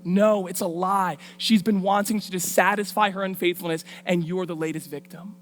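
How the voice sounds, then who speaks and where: A woman guest preacher telling a Bible story in a lively, colloquial, street-smart way during a sermon. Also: lowish voice, normal speed, hardly any pauses, a little hiss or hum. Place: church.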